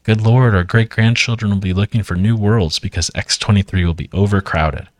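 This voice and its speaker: Reassuring sci-fi father, read by a low-voiced man, quiet and dry. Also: a little fast, dry recording, close to an everyday voice. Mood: explaining. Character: cheerful future father of young kids.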